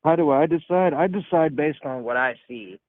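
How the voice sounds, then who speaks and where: A man's voice: a little high, moderate pace, dry recording. A man calling in to argue, blunt and scoffing, talking over the other speaker. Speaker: caller. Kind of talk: casual debate. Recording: tinny phone-like call line.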